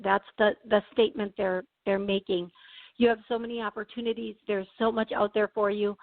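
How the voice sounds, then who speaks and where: A woman hosting a call-in radio show as a psychic medium, chatty and reassuring, often clearing her throat. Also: a little high, moderate pace, no echo. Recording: tinny phone-like sound, dry.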